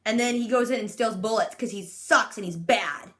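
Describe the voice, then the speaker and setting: A young woman in her twenties with a slightly high voice gives a chatty recap of a TV episode. She talks casually and sarcastically, leaning on "like" all the time. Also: moderate pace, fairly bright tone. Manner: sarcastic, chatty, heavy use of "like". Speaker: vlogger.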